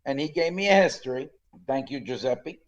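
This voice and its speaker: A man in his sixties co-hosting a podcast, telling stories in a lively, chatty way and laughing often. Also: medium pitch, a little fast, muffled recording. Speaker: podcast co-host. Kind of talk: casual chat.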